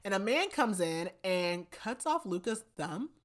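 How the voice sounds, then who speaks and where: A young woman hosts a podcast and recaps a book's plot in a relaxed, chatty way. She tells the story with animated energy and leans on "like" as she goes. Her voice sits at an ordinary middle pitch. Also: a little slow. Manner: animated storytelling, frequent "like", laughs. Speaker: podcast host. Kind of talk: casual book recap.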